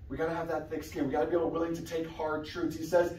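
A young adult man, a guest preacher, giving a casual, conversational sermon with sudden loud outbursts. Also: on the high side, level tone, quick pace, hardly any pauses. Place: church sanctuary. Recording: echoey church room, somewhat far from the mic.

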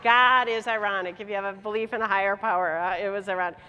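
A woman's voice: mid-range voice, fast, lo-fi sound, slight background noise. A middle-aged woman from Michigan giving a motivational speech to a convention, telling a personal story with laughs and acted-out dialogue. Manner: animated, laughing, acts out dialogue. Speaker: convention speaker. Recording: hall reverb on a stage talk.

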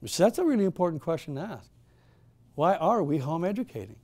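A man's voice: a little high, sing-song, brisk, mellow. A middle-aged man hosting a town hall, telling a story to a live audience with emphatic rhetorical questions and frequent restarts. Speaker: town hall host and moderator.

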